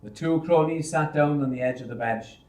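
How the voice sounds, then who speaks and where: A man reading a novel adaptation aloud in a measured, unhurried way, recorded in a roomy space. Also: on the high side, darkish tone. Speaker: storyteller. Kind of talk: audiobook reading. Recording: roomy echo.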